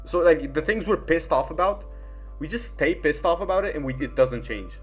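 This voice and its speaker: A man's voice: a little high, expressive, normal speed, breathy edge, soft background music. Rambling, swearing young man. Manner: rambling, heavy fillers and swearing. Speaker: gaming commentator. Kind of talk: casual explainer commentary.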